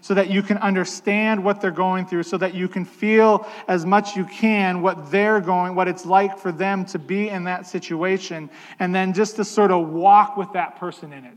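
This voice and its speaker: A man with a fairly high voice preaches in a relaxed, conversational way. He slows down to stress key points. His voice rings in a hall with a long reverb. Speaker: pastor. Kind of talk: sermon.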